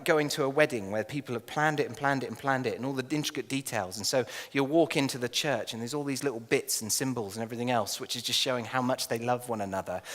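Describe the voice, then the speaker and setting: An English man preaching a sermon as minister, animated and jokey, telling stories with laughs and acted asides. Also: mid-range voice, in a large hall. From England. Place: church hall.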